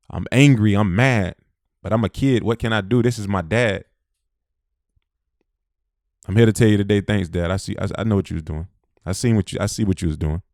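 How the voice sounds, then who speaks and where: Low-voiced man preaching motivation, dry sound. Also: dark tone, dry recording. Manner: preachy, repeats phrases for emphasis, Southern US speech. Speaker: motivational speaker. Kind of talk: motivational talk.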